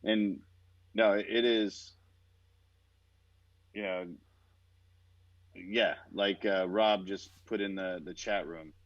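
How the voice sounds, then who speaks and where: Low-voiced rambling co-host on a dull line. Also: male voice, fairly even intonation, takes it slowly, long pauses, dry recording. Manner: rambling, many fillers like "you know" and "like", dry humor. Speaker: podcast co-host. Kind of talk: casual podcast chat.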